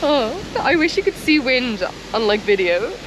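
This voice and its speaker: Young Irish woman, chatty vlog host, clear wind noise behind her. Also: sits high, big pitch swings, a little slow. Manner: bubbly, chatty, laughs often. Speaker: travel vlogger. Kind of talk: casual travel vlog narration. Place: outdoors on a windy coast and in a camper van.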